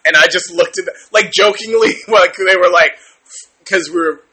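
Man, podcast co-host, casual chat, rambling, bright, a bit high. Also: normal speed. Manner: animated, rambling with frequent restarts and laughs.

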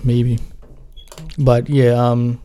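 A man's voice: medium pitch, little pitch movement, drawn-out words, dark tone, a little hiss or hum. A young man co-hosting a casual podcast, laid-back and laughing often. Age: young adult. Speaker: podcast co-host. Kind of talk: casual chat.

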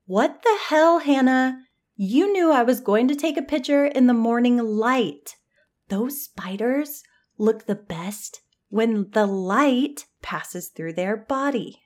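A woman doing angry high-pitched spider-loving girl. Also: lively intonation, slow, hardly any pauses. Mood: furious. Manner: sharp, exasperated. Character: angry teenage girl who collects spiders.

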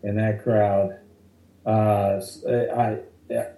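A male stand-up comedian telling rambling, animated stories from the road in a casual interview. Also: fairly low pitch, drawn-out words, reverberant, poor audio. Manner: animated, rambling anecdotes that act out other people's lines.

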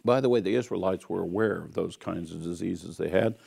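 A man's voice: low-pitched, fairly quick, vocal fry, darkish tone, slightly rough. A man giving an earnest teaching sermon on scripture, emphatic and repeating key phrases. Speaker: Bible teacher.

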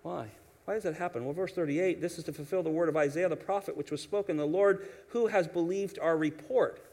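A man preaching a sermon, animated, acting out quoted voices, often restarting his sentences. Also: a little high, a little fast. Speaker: pastor.

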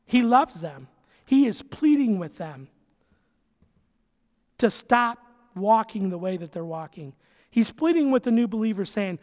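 A man's voice: sits high, big pitch swings, unhurried, pauses often, a little mellow. A man preaching a conversational sermon as a pastor, emphatic, repeating phrases and dropping casual asides. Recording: long reverb of a large hall.

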